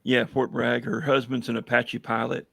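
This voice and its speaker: A hoarse man chatting casually on a livestream as a veteran guest, rambling with many fillers and telling jokes. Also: mid-range voice, little pitch movement, normal speed, bright, forceful tone. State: hoarse, losing his voice. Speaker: veteran guest running a coffee business.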